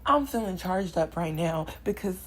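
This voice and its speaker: A woman's voice: fairly low pitch, expressive, normal speed, breathy edge, rough recording. A young woman doing a channeled tarot reading, preaching affirmations with passion and sighing between lines. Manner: impassioned, preachy, repetitive affirmations. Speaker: spiritual card reader.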